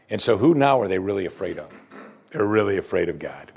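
A man's voice: deep voice, lively intonation, brisk, creaky, darkish tone, breathy edge. A male pastor giving an expository sermon full of rhetorical questions.

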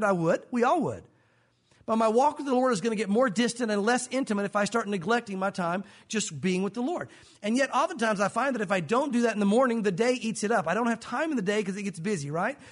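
A male pastor preaching a sermon, lively and acting out voices as he teaches. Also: high-pitched. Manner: animated, acts out voices in his teaching.

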